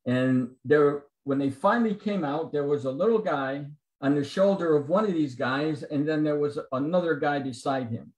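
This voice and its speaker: A man's voice: on the high side, moderate pace, hardly any pauses. Man animating a testimony, roomy call audio. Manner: animated, acts out the dialogue of the people in his story. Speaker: guest giving a testimony at a men's Bible study. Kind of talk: personal testimony storytelling. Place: at home on a video call. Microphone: computer mic on a video call.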